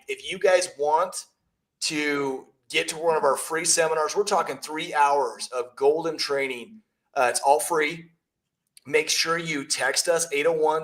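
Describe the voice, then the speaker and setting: An upbeat man hosting a casual live stream, reading out questions and pushing his points with emphasis. His voice sits somewhat high for a man. He throws in quick acted-out asides as he talks. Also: a bit bright. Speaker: host, real estate trainer.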